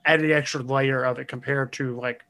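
A man's voice: medium pitch, fairly even intonation, a little fast, pushed and bright. A man on a podcast panel who shares his thoughts on music, hedging and filling with "like". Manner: hedging, full of "like". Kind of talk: casual music review chat.

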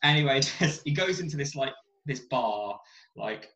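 A man's voice: mid-range voice, animated, a little slow, sharp tone, echoey room, muffled recording. A man talking casually about a film, rambling with many fillers and restarts.

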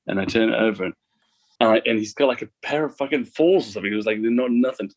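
A man's voice: fairly low pitch, fast talker. A man on a podcast casually telling a poker story, loose and profane, with self-mocking humor. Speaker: podcast guest, former band member.

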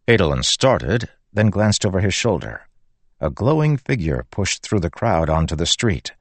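A man with a low, deep voice reads an action scene in a measured, dramatic audiobook style. The recording is dry and close to the mic, with no room sound. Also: very animated, no echo. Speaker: narrator. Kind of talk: audiobook narration of fantasy fiction.

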